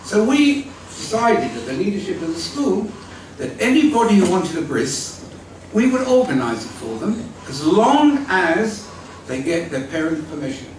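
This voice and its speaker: An older man tells a story to a gathered audience, his high voice rising and falling in lively swings. He sounds distant and echoes strongly off a large hall, with a faint murmur of room sound behind him. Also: slight background noise. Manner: vivid storytelling with acted-out quotes, lively. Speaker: speaker at a community evening, former school leader. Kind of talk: storytelling talk. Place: large hall at an evening event.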